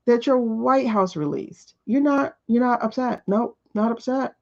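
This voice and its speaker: A woman's voice: fairly high pitch, slow, gravelly, darkish tone. A woman hosting a live tarot show, talking casually and bluntly, firing off repeated rhetorical questions with profanity. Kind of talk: casual opinionated talk on a livestream. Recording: dull lo-fi livestream audio.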